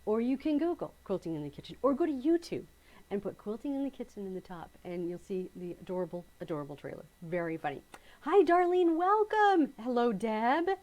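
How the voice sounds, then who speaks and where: A middle-aged woman hosting a casual live quilting stream, chatting in a rambling, self-correcting way and greeting viewers by name with bright excitement. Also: mid-range voice, quick pace, low-quality recording. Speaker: quilting channel host.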